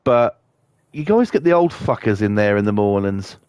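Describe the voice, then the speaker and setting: A man's voice: fairly low pitch, big pitch swings, moderate pace, a little mellow, clean tone, dry recording, clean studio sound. A man with a Norfolk accent, chatting casually and swearing freely as he streams a game and tells rambling stories. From Norfolk, England. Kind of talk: casual chat while playing.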